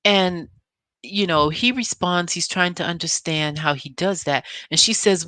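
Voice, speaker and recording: Female vlogger, low voice, chatty recap commentary with emphatic storytelling, dry close sound. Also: measured pace, pushed and bright, no echo. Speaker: vlogger recapping a reality show.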